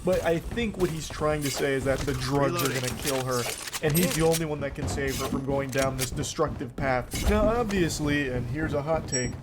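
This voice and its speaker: A man's voice: medium pitch, moderate pace, heavy background noise. A man streaming live, reading text messages aloud and mocking them with sarcastic, incredulous commentary and frequent swearing.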